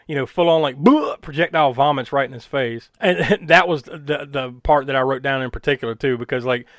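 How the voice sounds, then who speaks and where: A man's voice: medium pitch, a bit bright, no echo, studio quality. A man recapping a movie in casual chat, rambling with many fillers and frequent laughs. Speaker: podcast co-host recapping a film.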